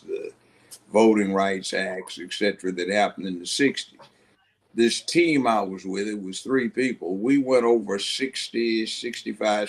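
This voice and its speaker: An older man telling long stories as a guest in an interview, acting out voices as he goes. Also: lowish voice. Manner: animated storyteller who acts out voices. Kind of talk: storytelling interview.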